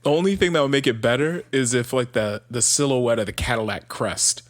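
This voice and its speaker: A man's voice: medium pitch, a little fast. A man co-hosts a casual podcast and drops dry wisecracks. He jumps in with short quips and playful agreement. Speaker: podcast co-host. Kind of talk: casual chat.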